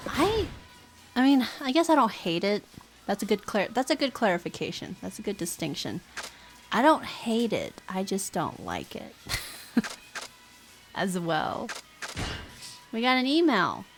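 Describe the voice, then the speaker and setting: A woman's voice: medium pitch, wildly swooping pitch, unhurried, long pauses, a little hiss or hum. A young woman streaming a game, chatting casually and musing aloud as she plays, often repeating words playfully. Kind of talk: casual live-stream commentary. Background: game music.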